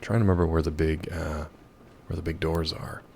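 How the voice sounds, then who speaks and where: An American man with a hoarse, gravelly voice from a week of yelling, chatting casually while streaming a game and reading chat. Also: extremely low pitch, flat delivery, fairly quick, slight background noise. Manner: rambling, jokey, reads chat aloud.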